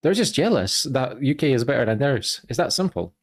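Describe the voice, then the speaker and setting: A man's voice: mid-range voice, big pitch swings, a little fast. A man streaming live, reacting to clips with profane, mocking disbelief.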